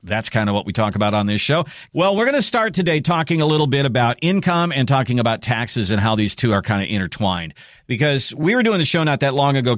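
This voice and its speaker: A man hosts a financial radio show, persuasively guiding listeners through retirement money matters and doing ad reads where he reads out contact details and repeats phone numbers. His medium-pitched voice is fairly bright, with clean studio sound and no room sound.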